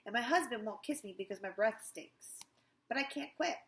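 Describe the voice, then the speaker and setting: A woman's voice: on the high side, lively intonation, moderate pace, fairly bright tone. A woman voicing a flustered adult woman patient who smokes, in a storybook read-aloud. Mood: complaining. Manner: complaining, then dazed repeating.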